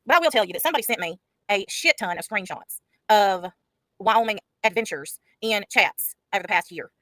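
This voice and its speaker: A woman's voice: medium pitch, lively intonation, a little fast, fairly bright tone, no room sound, rough recording. A woman hosting a casual livestream, blunt and profane, mocking the people she talks about. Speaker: livestream host.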